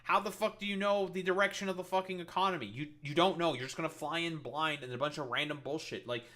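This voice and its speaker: A man's voice: fairly high pitch, fast, pushed and bright. A man streaming commentary, ranting in a heated, exasperated way and swearing constantly. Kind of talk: profane political rant.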